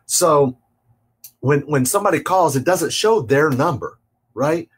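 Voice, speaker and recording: This podcast host has a slightly high voice with a breathy edge and takes his time. Chatting casually about real estate, he explains how to sell, laughs readily, and acts out phone calls in a relaxed business conversation.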